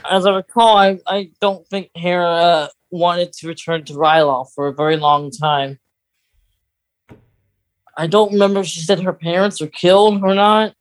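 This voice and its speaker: Brief: mid-pitched co-host, chatty and giggly, dry sound. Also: flat delivery, no echo. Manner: chatty, giggly, quick interjections. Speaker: podcast co-host. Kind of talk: casual chat.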